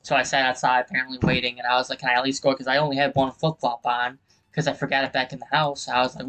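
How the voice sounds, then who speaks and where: A man's voice: medium pitch, little pitch movement, fast talker, sharp tone, rough recording. Heated man telling a story. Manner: heated, swearing, acts out quoted people. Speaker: gaming channel host. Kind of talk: casual storytelling over gameplay.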